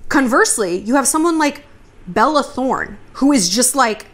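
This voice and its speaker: Animated chatty woman giving advice. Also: high voice, normal speed. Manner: chatty, swears freely, lively storytelling asides. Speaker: commentary vlogger giving dating advice. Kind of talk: casual direct-to-camera advice talk. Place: home near a river, outside noise.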